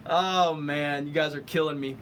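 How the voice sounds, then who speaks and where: A young man with a high, sharp voice runs a live stream and answers viewer questions. He rants hotly and swears freely. He stumbles and restarts when he has to think something through. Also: fairly even intonation, normal speed, a little hiss or hum. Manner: heated, ranting, profane. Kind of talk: casual live stream chat reading super chats.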